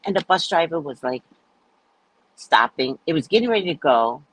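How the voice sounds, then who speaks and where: A woman chats on her own livestream, spinning stories with swearing and putting on the voices of people she quotes. Her pitch swings up and down widely. Her voice has a slight husky edge. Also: normal speed, low-quality recording. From United States. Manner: animated, profane, acts out quoted voices. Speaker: livestream host. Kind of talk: casual storytelling chat.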